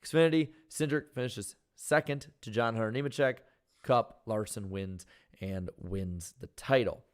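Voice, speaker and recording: Hoarse man reading super chats. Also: mid-range voice. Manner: loose, halting reading with repeated restarts. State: worn-out, hoarse voice. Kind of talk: casual podcast chat.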